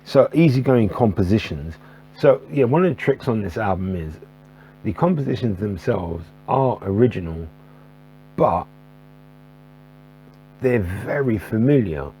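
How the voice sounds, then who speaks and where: Low, mellow-voiced man, rambling record talk. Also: low-quality recording. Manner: rambling, with many fillers and restarts. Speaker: record collector reviewing jazz albums. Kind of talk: casual to-camera talk. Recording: faint electrical buzzing hum.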